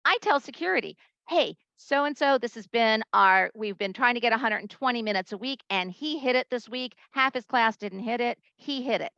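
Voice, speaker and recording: A woman presenting a conference talk to teachers, a lively storyteller who acts out the voices she quotes. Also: fairly high pitch, normal speed, vocal fry, few pauses, dry recording, dull audio.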